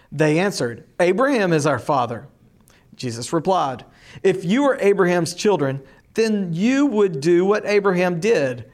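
A man with a fairly high voice teaches a class, reading a long scripture passage aloud slowly and deliberately. His voice rises emphatically on the key lines.

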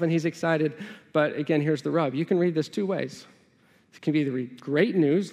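A man's voice: a little high, brisk, a little mellow, long reverb tail. A man preaching a conversational sermon as pastor, acting out what his listeners might think. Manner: conversational, acts out listeners' inner voices.

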